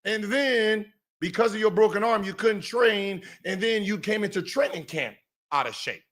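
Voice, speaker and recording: A man's voice: high voice, lively intonation, normal speed. A man hosting a reaction show, commenting casually and mockingly on video clips. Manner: mocking, loud, laughing and shouting at times.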